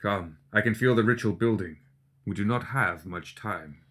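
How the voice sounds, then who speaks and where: A man voicing a stately, composed male necromancer who speaks in a slow, measured, dry manner in an audiobook. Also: on the low side, a bit bright, slightly rough.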